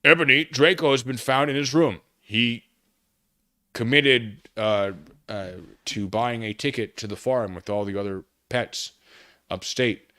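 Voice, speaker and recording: A man's voice: medium pitch, unhurried, bright, forceful tone. A man voicing a stern old wizard headmaster who delivers grave news in a declaiming manner.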